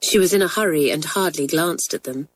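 A woman narrating a children's storybook in a clear, even manner. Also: low voice, a little fast. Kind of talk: storybook reading.

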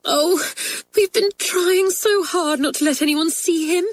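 A woman reading a storybook and voicing an eager, soft-hearted schoolgirl who is close to tears. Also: a little high, very animated, moderate pace, dry recording, voice pushed up. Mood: pleading.

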